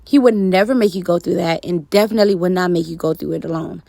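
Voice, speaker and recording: A woman's voice: fairly low pitch, fast, creaky, warm tone, no echo. A woman voicing a loyal best friend who reassures someone in a soothing, firm way. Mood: reassuring.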